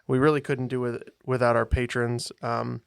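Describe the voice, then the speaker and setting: A man co-hosting a podcast, speaking earnestly and a little haltingly about listener support. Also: medium pitch, little pitch movement, vocal fry, smooth, no echo, studio quality. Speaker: podcast co-host. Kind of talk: casual podcast chat.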